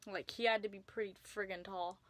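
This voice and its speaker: A woman's voice: medium pitch, steady tone, fairly quick, no room sound. A young woman telling a personal story to camera in a casual vlog, chatty with lots of filler words and sudden whispers for emphasis. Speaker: vlogger.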